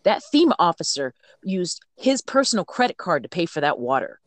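A truck driver from the United States tells road stories in a casual podcast chat. The voice sits in the middle of the pitch range and is recorded dry and close. The delivery is animated and blunt, with swearing and words repeated when the feelings run high. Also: fairly quick, no echo.

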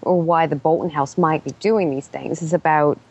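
A woman joining a podcast as a guest, talking casually and starting her sentences haltingly with repeated words. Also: sits low, steady tone, darkish tone. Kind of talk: casual chat.

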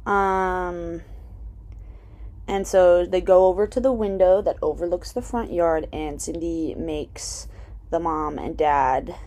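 A woman's voice: lowish voice, fairly even intonation, slow, warm tone. A woman casually recapping a TV episode, chatty with lots of "um" and "like" and some swearing. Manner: chatty, full of "um" and "like", swears freely. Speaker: TV episode reviewer.

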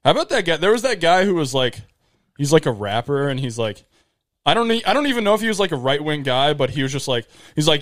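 A man co-hosting a casual podcast chat, talking quickly, swearing and laughing as he talks over his friends. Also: a little high, animated. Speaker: podcast co-host.

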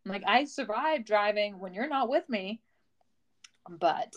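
Lively, laughing young woman chatting. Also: medium pitch, measured pace, lo-fi sound. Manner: laughs often, dramatic retellings. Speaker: podcast co-host. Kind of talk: casual chat.

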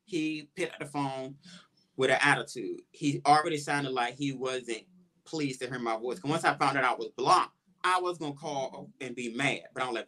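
A man's voice: a little high, normal speed. A man hosting a podcast in casual chat, telling stories and acting out his own past lines with animation. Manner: animated storytelling, quotes himself in raised voice. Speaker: podcast host.

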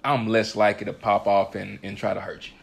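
A man in his thirties hosting a casual chat, telling animated stories and laughing often. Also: on the low side, fairly quick, vocal fry, breathy edge. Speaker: podcast co-host.

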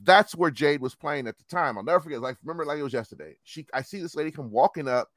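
A man telling a long story in casual chat, animated and profane, acting out the quotes. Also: fairly high pitch, quick pace, no room sound, studio quality.

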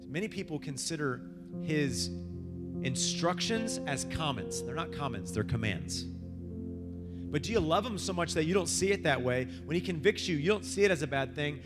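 A man preaching a sermon as pastor, passionate, with big swings between loud, high lines and quiet, low ones. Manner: passionate, rises and drops sharply in pitch and volume. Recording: long hall reverb with guitar music.

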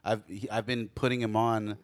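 A man's voice: on the low side, little pitch movement, moderate pace, no room sound, studio quality. A man co-hosting a casual chat, telling rambling stories with frequent restarts and casual swearing. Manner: rambling storyteller, swears freely, many restarts. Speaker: podcast co-host.

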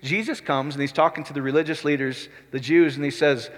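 A man's voice: fairly high pitch, a little fast. Man preaching in a reverberant hall. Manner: conversational preaching, rising to excited emphasis. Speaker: pastor. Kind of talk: sermon.

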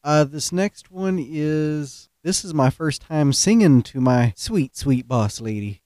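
Male host, relaxed joker, warm tone, dry close recording. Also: on the high side, takes it slowly, no room sound. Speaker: podcast host. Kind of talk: casual storytelling.

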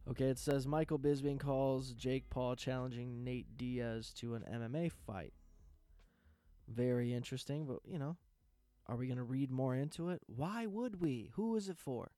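A man's voice: medium pitch, fairly even intonation, moderate pace, mellow, smooth, no room sound, soft background music. A man hosting a podcast, ranting casually about news headlines in a profane, sarcastic, rambling way. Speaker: podcast host.

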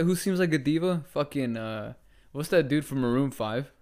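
A man co-hosting a laid-back podcast, rambling through his stories with constant fillers and plenty of swearing. His voice comes across smooth and clear at an ordinary middle pitch. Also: expressive, fairly quick, darkish tone. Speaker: podcast co-host. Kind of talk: casual chat.

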